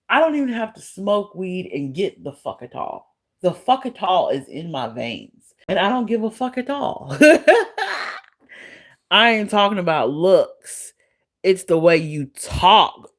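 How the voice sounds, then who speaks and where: A woman's voice: mid-range voice, fairly bright tone. A woman live streamer chatting casually with her viewers, blunt and profane, often breaking into laughter as she answers trolls.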